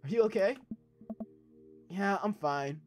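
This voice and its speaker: Young adult gamer, let's play commentary, reads game text aloud, swears, laughs, middle pitch, faint music behind. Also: expressive, takes it slowly. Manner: loose and profane, breaking into laughter.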